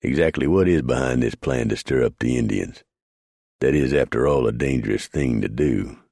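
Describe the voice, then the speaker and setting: Guy playing a blunt old west henchman, gravelly, super deep. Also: normal speed, mellow, dry recording, studio quality, exaggerated voice. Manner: blunt, direct. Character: blunt hired henchman, direct and wary.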